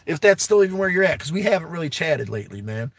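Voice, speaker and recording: With a slightly high, sing-song voice, a young livestream host talks fast as he earnestly pleads with a viewer he calls brother to come stay with him at his home. The talk is emotional and heartfelt, and the recording is dry.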